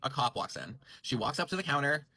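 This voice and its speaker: A man's voice: medium pitch, very animated, brisk, bright, forceful tone, no room sound. A man casually telling a rambling story about his grooming salon, full of "like" and self-corrections. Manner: rambling, heavy use of "like", frequent self-corrections.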